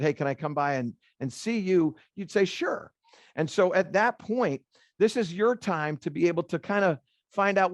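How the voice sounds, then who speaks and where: A middle-aged man, a golf instructor, speaking to a room of golf teachers as an animated storyteller who repeats phrases for emphasis. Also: sits high, dry recording.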